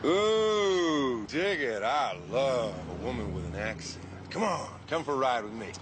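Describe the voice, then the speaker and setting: An actor playing a brash, teasing biker in a TV drama. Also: male voice, mid-range voice, sing-song, measured pace, background noise. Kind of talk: TV drama acting.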